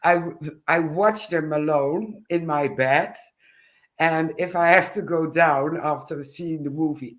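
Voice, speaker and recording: A woman's voice: low-pitched, slow pace. A woman in casual podcast chat, speaking emphatically in short bursts and reactions.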